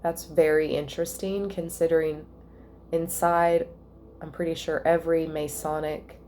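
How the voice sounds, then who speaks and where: A woman giving a casual spiritual reading at home, chatty and thinking out loud with soft asides. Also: low voice, flat delivery, moderate pace, a little hiss or hum. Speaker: tarot reader.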